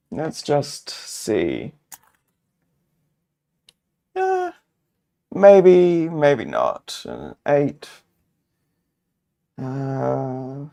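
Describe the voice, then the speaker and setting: A man's voice: mid-range voice, creaky, dark tone. A man narrating a solo tabletop adventure, musing and thinking aloud with many fillers.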